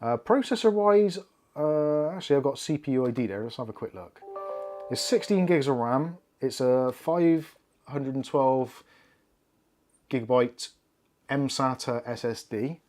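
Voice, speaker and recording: Seated indoors at his desk with a laptop and cameras, a Bristol-accented man hosts a relaxed tech livestream, cracking jokes and cursing as he talks. He speaks a little slowly at medium pitch, with lively intonation and a darkish tone, while soft music plays in the background.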